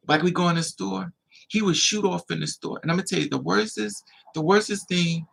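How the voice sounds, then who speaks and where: A man hosting a livestream, telling a personal story in a casual, animated way and acting out the voices of the people in it. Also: a little high, vocal fry, slightly rough, rough recording. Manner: animated, acts out quoted voices.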